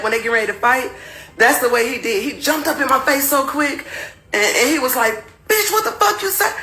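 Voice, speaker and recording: A woman's voice: mid-range voice, rough recording. A woman telling her own story to viewers candidly and animatedly. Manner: animated, acts out quotes in raised voice.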